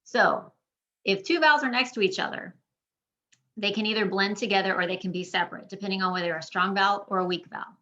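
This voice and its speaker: A woman gives an online pronunciation lesson in a bright, clear voice. She draws out example words slowly and deliberately for learners to repeat. The audio is slightly dull and lo-fi. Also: mid-range voice. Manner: slow, deliberate modeling of words for repetition. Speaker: Spanish teacher. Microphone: screen-share recording.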